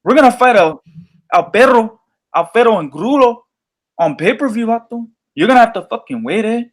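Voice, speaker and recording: A man's voice: very high voice, animated, normal speed. A man putting on the voice of a dismissive boxing promoter, with a mock accent and a string of repeated refusals.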